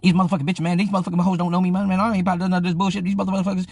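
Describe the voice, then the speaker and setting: A man voicing his hot-tempered bodybuilder friend, cursing and threatening in a booming voice. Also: animated, racing, breathy edge, no room sound, clean studio sound. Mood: enraged. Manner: profane, shouting threats.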